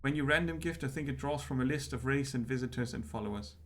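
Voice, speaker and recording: A man's voice: medium pitch, fast, slight background noise. A man streaming a game live, chatting to his viewers and laughing often. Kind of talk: live gameplay commentary.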